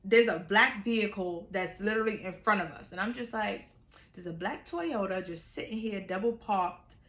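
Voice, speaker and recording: Bright, chatty woman telling a story. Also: medium pitch, normal speed, roomy sound. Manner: animated, chatty, laughs often. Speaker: storyteller vlogger. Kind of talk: casual storytime.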